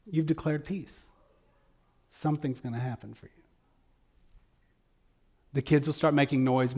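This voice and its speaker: A man preaching in a folksy, conversational way. He is earnest and pushes hard on key points, then drops to quiet asides. His voice sits at a middling pitch. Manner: earnest, folksy, shifts between loud emphasis and soft asides. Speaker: speaker at a church service. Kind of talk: conversational sermon.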